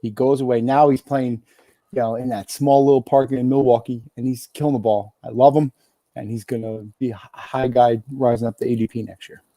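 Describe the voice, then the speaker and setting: A man's voice: mid-range voice, steady tone, fairly quick, warm tone, no echo. A man co-hosting a podcast in casual chat, laid-back and rambling. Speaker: podcast co-host.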